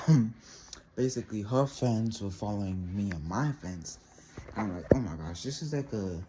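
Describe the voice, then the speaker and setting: A teenage boy rambling through a casual story, animated and laughing often. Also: lowish voice, a little hiss or hum. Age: teens. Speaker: vlogger.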